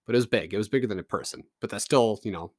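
A man's voice: fairly low pitch, rapid-fire, darkish tone, no room sound, studio quality. A man from Canada delivering a casual, profane, sarcastic rant to his audience. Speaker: vlogger.

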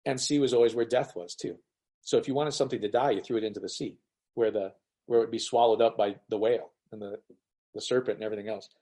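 A pastor with a lowish voice talks fast while teaching the Bible informally online. He's animated, speaking loosely and acting out others' quoted words as he reads.

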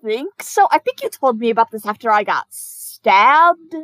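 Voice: mid-range voice, sing-song, measured pace, fairly bright tone, dry recording, pitched above the performer's own voice. A player voicing a breezy, casual woman teammate answering a phone call in a tabletop role-play.

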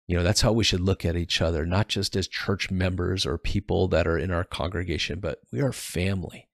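Male podcast host, lowish voice, dry close sound, reads scripture then chats about it earnestly, restarts phrases. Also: fairly even intonation, brisk, creaky, no room sound. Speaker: podcast host teaching the Bible. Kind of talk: casual devotional Bible reading and commentary.

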